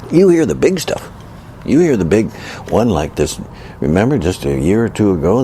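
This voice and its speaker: A man's voice: medium pitch, mellow, slight background noise. A man delivering an indignant political opinion rant, sarcastic and mocking, repeating phrases for emphasis. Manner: indignant, sarcastic, mocks opponents with exaggerated sighs and gasps. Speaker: commentator.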